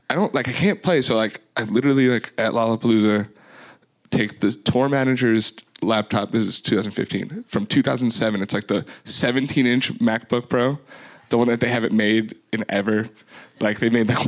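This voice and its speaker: A young man telling a long, rambling story as an interview guest, filling his talk with "like". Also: lowish voice. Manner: loose, rambling, heavy use of "like". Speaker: guest, DJ and music producer.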